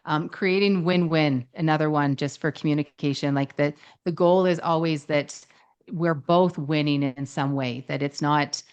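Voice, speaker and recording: A woman with a low voice co-hosts a casual relationship podcast as a therapist. She tells stories in conversation, acting out quotes and restarting her sentences often. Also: moderate pace, clear, resonant tone, dull audio. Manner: storytelling, animated quotes with many restarts. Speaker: relationship psychologist podcast co-host.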